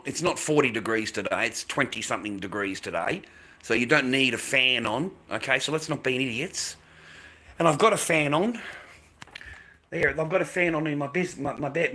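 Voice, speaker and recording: A man's voice: a little high, bright, forceful tone. A man with an Australian accent talking casually to his viewers, blunt and sweary, circling back and repeating his points as he rants. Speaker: livestream host.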